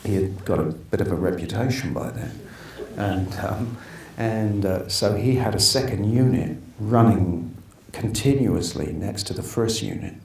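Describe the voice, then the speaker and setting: Gravelly man in his fifties, rambling. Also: fairly low pitch, unhurried, few pauses, a little mellow. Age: 50s. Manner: rambling, many restarts, acts out quotes. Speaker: actor being interviewed. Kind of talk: casual anecdotal interview. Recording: roomy echo, distant mic, faint noise.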